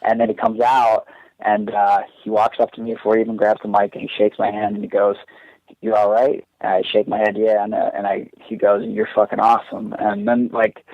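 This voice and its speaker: Low-voiced young man telling a story. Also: flat delivery, fairly quick, dry recording. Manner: rambling, lots of "like" and restarts. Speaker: podcast guest, pro wrestler. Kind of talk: casual storytelling. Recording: dull lo-fi podcast audio.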